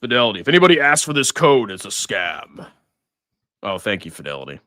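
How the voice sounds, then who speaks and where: Man, sarcastic livestream host, lively pitch swings, dry close sound. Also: a little fast, no echo. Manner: sarcastic, mocking, excitable. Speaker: personal finance streamer. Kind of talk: casual livestream commentary.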